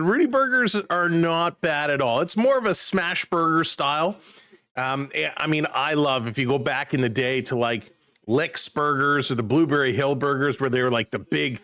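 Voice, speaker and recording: Man, excitable live-stream play-by-play, chats with viewers, dry sound. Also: a little high, no room sound. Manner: chatty, excitable play-by-play, talks to chat viewers by name. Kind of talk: casual live-stream sports commentary.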